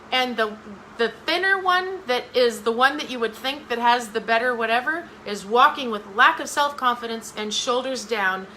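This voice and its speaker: A woman's voice: fairly high pitch, sharp tone, a little hiss or hum, low-quality recording. A middle-aged woman giving a motivational talk straight to her viewers, emphatic and repeating phrases for effect. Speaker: motivational speaker.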